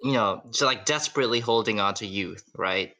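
A man's voice: lowish voice, a little fast, bright, forceful tone. A man narrating a tabletop role-playing game as its game master, loose and casual with lots of fillers.

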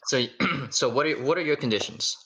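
A man's voice: mid-range voice, normal speed, bright, forceful tone, slightly rough. A man narrating a tabletop role-playing game as its game master, loose and casual with lots of fillers.

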